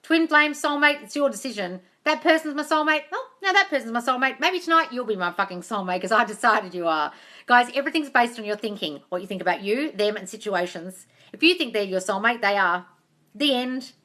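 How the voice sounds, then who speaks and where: Woman, live-stream coach, bright and punchy, a bit high, gushing and sweary. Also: animated, brisk. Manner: effusive, calls viewers darling, swears casually. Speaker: manifestation coach. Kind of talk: live-stream Q&A, reading comments aloud. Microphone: tablet mic.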